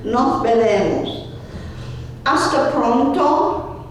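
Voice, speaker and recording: A woman's voice: sits high, lively intonation, extremely slow, slight background noise. A woman teaching a Spanish class, patiently modeling words and having the class repeat them. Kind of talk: classroom language lesson. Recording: echoey room, mic far off.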